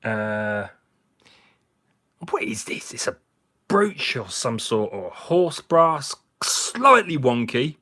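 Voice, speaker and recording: A man's voice: mid-range voice, very animated, slow pace, pauses often, bright, forceful tone. A man, slightly drunk, hosting a casual live chat with viewers, jokey and chatty and laughing often. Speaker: livestream host. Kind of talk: casual live chat while cleaning finds.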